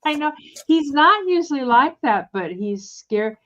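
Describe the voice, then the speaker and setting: A woman's voice: high-pitched, very animated, unhurried, a bit bright, dull audio. A woman co-hosting a live online vintage sale, chatting and telling rambling stories about her items. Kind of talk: casual live sale chat.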